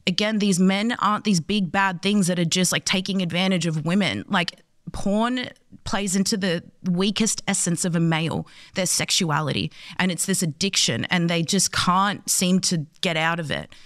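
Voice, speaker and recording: A woman's voice: on the low side, moderate pace, dry recording, studio quality. A woman, a podcast guest telling stories earnestly and acting out the people she quotes. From Australia. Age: 20s. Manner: earnest, animated, acts out quoted voices. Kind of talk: passionate conversational storytelling.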